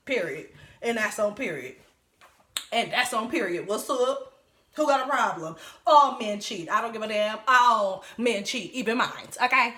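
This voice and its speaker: Woman, vlogger, casual show recap, blunt, profane, chatty, slightly high voice, echoey room. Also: measured pace, pushed and bright.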